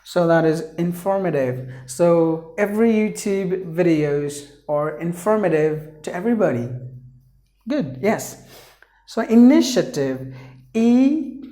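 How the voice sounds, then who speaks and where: A man's voice: fairly high pitch, lively intonation, unhurried, dark tone, echoey room. A man teaching a pronunciation lesson, repeating each word several times and drawing it out for drilling.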